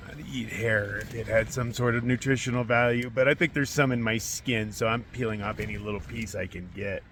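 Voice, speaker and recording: A man's voice: mid-range voice, steady tone, a little fast, fairly bright tone, a little hiss or hum. A man filming a vlog from inside a small tent during a windstorm. He sounds cold, hungry and worn down, talking close to a handheld camera and swearing a lot. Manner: weary, frustrated, swears often. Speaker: long-distance hiker. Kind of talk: vlog filmed while camping.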